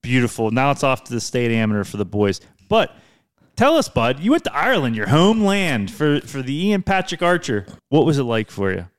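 A man's voice: medium pitch, big pitch swings, fairly quick, no echo, studio quality. A man hosting a podcast, chatting casually and teasing his guest. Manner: joking, teasing. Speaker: podcast host. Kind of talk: casual chat.

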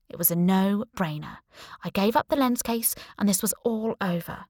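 A woman's voice: medium pitch, moderate pace, a little mellow, dry recording, studio quality. A woman narrating a first-person audiobook in a wry, sardonic way.

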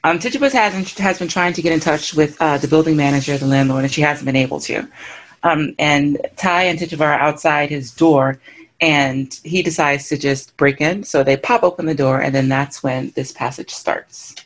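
A woman hosts a podcast in a relaxed, casual way. Her voice is very low for a woman, and her manner is warmly enthusiastic and chatty as she introduces readings. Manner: enthusiastic, chatty, quick to laugh. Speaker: podcast host.

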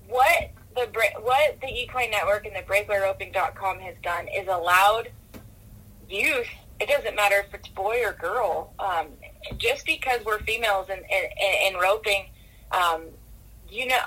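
A woman guest on a podcast, talkative and energetic, often restarting her sentences, who grew up in California. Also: medium pitch, slightly rough, rough recording. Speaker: podcast guest, rodeo commissioner. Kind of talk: casual interview talk.

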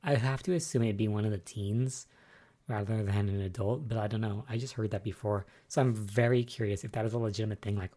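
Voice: mid-range voice, a little fast. A podcast host recapping soap episodes in a casual solo chat, rambling and musing aloud with lots of fillers. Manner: excitable and spoiler-wary.

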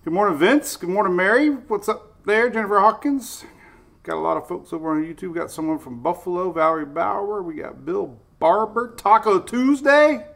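A man's voice: high voice, normal speed, creaky, fairly bright tone. A middle-aged man hosting a live weather stream, chatty and upbeat, greeting viewers by name. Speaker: weather show host.

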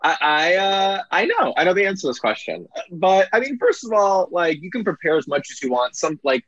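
A man's voice: high voice, big pitch swings, brisk, a bit bright, no echo, dull audio. A man candidly telling crude stories in a casual chat, laughing often, speaking over a video call. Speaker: podcast guest.

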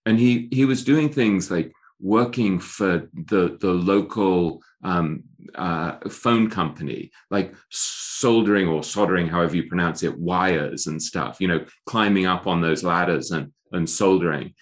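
A man's voice: sits low, a little slow, hardly any pauses. A middle-aged man speaking as an author in an interview, thoughtful and given to restarting his sentences. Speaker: author guest. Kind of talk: interview conversation.

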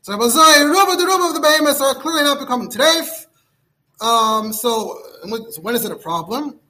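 Rabbi, teaching halacha class, high bright voice, rambles fillers. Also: male voice, lively intonation, a little fast. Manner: chatty, digressive, many fillers and restarts. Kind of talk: informal Torah lecture.

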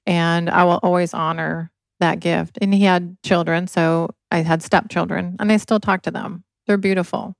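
A woman's voice: fairly low pitch, flat delivery, moderate pace, vocal fry, few pauses, dry recording. A woman from Michigan, an interview guest, telling her life story earnestly and with emotion. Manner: earnest, emotional, acts out quoted voices. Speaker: podcast guest, inventor.

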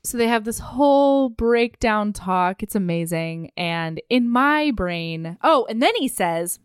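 A woman's voice: medium pitch, slow, clear, resonant tone, no room sound, studio quality. A woman chatting casually about a romance novel, acting out the characters' lines as she retells the plot. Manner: animated, acts out characters' lines while retelling.

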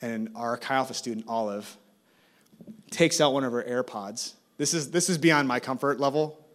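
A man's voice: medium pitch, moderate pace. A male campus ministry guest speaker giving a sermon in a church, telling stories and building to an urgent call. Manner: animated, rising to urgent exhortation. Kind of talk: sermon with storytelling. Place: church service.

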